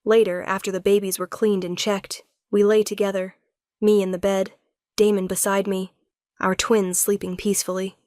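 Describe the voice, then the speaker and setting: A woman narrating a first-person romance story in a steady, measured storytelling manner. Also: mid-range voice, dry recording, studio quality.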